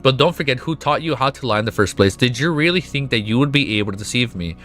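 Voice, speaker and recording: A man's voice: medium pitch, expressive, fast, fairly bright tone, faint music behind, lightly acted. A man reading aloud as a bitter, furious young man who makes harsh, clipped accusations.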